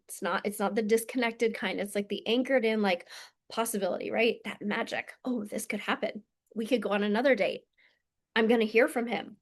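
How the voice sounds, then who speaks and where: Earnest female mentor, slightly high voice, emphatic casual monologue. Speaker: mentor and coach. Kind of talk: motivational monologue to camera.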